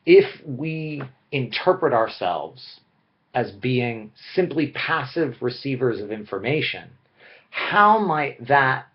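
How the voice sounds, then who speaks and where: A man's voice: mid-range voice, big pitch swings, takes it slowly, muffled recording. A man giving a recorded philosophy lecture in a conversational way, often checking in with "right?". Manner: conversational, frequent "right?" tag questions.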